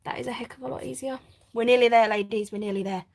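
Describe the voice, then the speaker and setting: Woman doing a live craft stream, bit high voiced, chatty, giggly, gets excited. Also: quick pace, creaky. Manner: chatty, laughs often, bursts of excitement. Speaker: craft channel host. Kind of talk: casual live crafting chat, reading comments.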